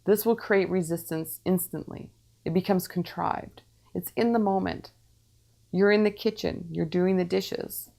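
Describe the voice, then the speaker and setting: This woman, a medium, offers channeled spiritual guidance at a measured pace, returning to the same phrases and pausing calmly. Her pitch is fairly low and her voice creaky.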